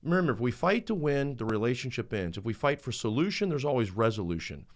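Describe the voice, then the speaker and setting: A middle-aged man speaking to his audience in a plain mid-range voice. He talks with emphatic, preacher-like swings, jumping much higher on key lines and then dropping back to an easy conversational level. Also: sing-song, quick pace. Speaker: host. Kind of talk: motivational talk on marriage.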